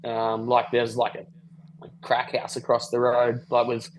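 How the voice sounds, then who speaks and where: Laid-back bloke yarning over a video call, monotone delivery, light background noise. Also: male voice, medium pitch, measured pace, poor audio. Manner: laid-back, rambling, swears casually. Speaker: podcast guest. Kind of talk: casual storytelling over a call.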